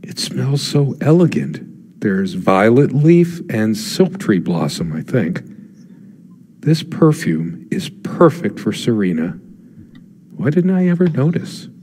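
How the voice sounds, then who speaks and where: An actor playing a brooding middle-aged husband, speaking a quiet, reflective inner monologue in a video game. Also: male voice, mid-range voice, big pitch swings, slow, breathy edge, in a large hall, full character voice. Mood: wistful.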